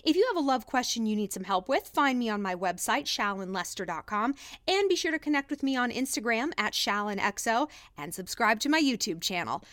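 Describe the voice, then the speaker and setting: Woman podcast host, blunt and sassy dating advice, bright voice, very lively intonation. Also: a little high, fairly quick. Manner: sassy, emphatic, swearing. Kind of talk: casual advice monologue.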